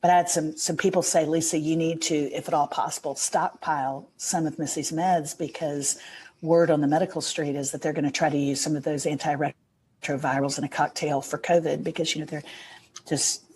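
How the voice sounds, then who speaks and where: A woman's voice: deep voice, steady tone, brisk, a little mellow, slight background noise. A middle-aged woman, a podcast guest, telling an earnest and emotional story in a casual interview.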